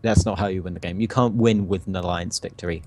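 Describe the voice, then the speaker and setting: Man, low voice, teasing, explains game mechanics, casual gameplay chat. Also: fairly even intonation, fast, darkish tone. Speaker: guest gamer.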